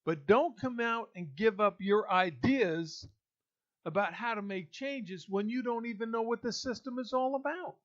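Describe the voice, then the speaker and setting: Indignant high-voiced man, dull audio. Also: fairly bright tone. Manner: indignant, emphatic, with pauses and restarts. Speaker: political commentator. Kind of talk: opinion monologue.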